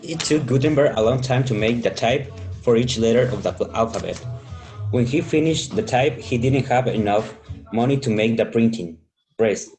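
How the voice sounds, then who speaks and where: A young man reads a passage aloud in a steady, careful way. His voice is dark and mellow. Faint music plays behind him. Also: mid-range voice, normal speed, low-quality recording. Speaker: student. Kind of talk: reading aloud in class.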